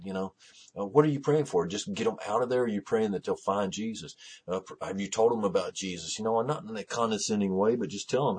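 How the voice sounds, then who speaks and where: Male preacher, husky low voice, casual sermon full of restarts, builds to fervent peaks. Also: fast talker, a little mellow. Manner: conversational, repetitive, with many restarts and "you know"; rises to fervent emphasis.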